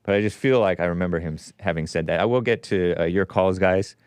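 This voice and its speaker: A man in his forties hosting a call-in show, giving rambling, sarcastic, animated political commentary. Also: low voice, quick pace, clean tone, no echo, clean studio sound. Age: 40s.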